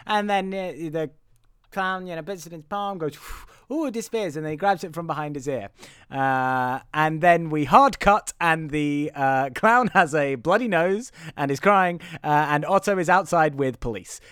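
A man's voice: on the high side, normal speed, a bit bright, clean tone, no room sound, studio quality. A man co-hosting a podcast, casually recapping a film plot and acting out little quotes. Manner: chatty storyteller, acts out quotes. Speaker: podcast co-host.

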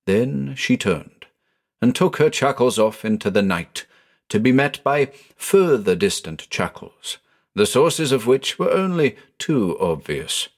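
A man giving a measured, dramatic reading of a first-person detective story. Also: mid-range voice, big pitch swings. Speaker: narrator. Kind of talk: storybook narration.

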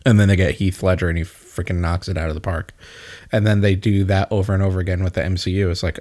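A man's voice: deep voice, steady tone, fast talker, darkish tone. A man in a casual movie chat, talkative, laughing often and swearing casually.

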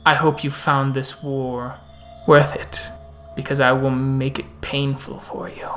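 A man voicing a cold, threatening vampire prince who speaks in a measured way. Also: mid-range voice, level tone, a bit bright, soft background music, lightly acted. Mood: cold menace. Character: menacing vampire prince of the city, male.

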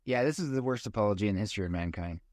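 A man's voice: fairly low pitch, lively intonation, rapid-fire, a little mellow, no room sound, studio quality. A man co-hosting a podcast in casual chat, making wry, joking asides. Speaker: podcast co-host.

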